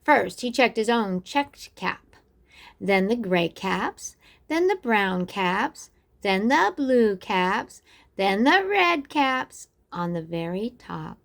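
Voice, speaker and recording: An older woman reading a picture book aloud to children, expressively, and pausing to ask the listener questions. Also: medium pitch, sing-song, vocal fry, a bit bright. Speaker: storyteller.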